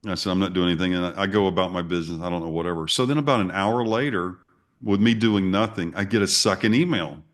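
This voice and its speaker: Brief: middle-aged male guest, lower voice, animated storyteller who plays out the emails and his reactions. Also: fast. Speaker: interview guest. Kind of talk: casual storytelling.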